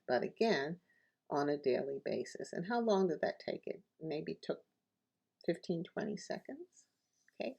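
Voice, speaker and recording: Woman poet-teacher, dark gravelly voice, soft and halting delivery. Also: low voice. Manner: gentle, hesitant, with many fillers; repeats lines slowly and softly. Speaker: author reading her poetry. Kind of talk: reading a poem and teaching self-care practices.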